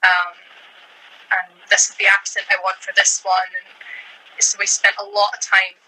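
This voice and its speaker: Chatty Scottish woman, very bright tone. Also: mid-range voice, monotone, measured pace, a little hiss or hum, rough recording. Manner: chatty, fills with "like" and "um". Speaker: actress guest. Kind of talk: casual interview chat.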